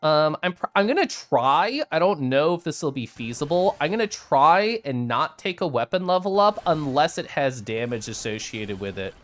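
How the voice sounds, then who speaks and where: A game streamer giving chatty, excitable live gameplay commentary, often saying "like" and "um" and answering chat. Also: mid-range voice, moderate pace, few pauses, faint music behind.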